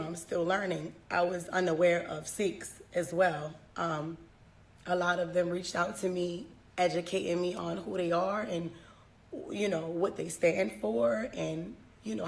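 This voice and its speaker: A woman comedian reading a scripted apology to camera, halting, with fillers. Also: on the low side, vocal fry.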